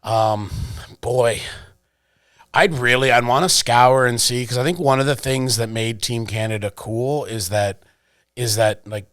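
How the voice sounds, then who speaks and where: A man's voice: mid-range voice, measured pace, no echo. A man, a wrestling executive appearing as a guest, telling anecdotes in a casual interview. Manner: lively storyteller, fillers and restarts.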